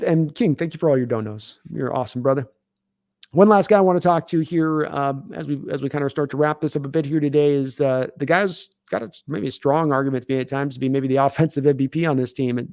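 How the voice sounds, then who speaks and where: A man at middle pitch talks football in a loose, rambling way, circling back and restarting his sentences. The sound is dry and close, with no room around it. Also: no room sound. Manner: rambling, many fillers and restarts. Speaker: podcast host. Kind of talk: casual sports talk. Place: home studio, live stream.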